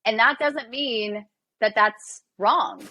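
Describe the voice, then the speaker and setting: A woman's voice: a little high, slow, bright, forceful tone, no echo. A woman in her thirties hosting a podcast, empathetic and emphatic, talking in bursts with restarts. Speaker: podcast host. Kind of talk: interview conversation.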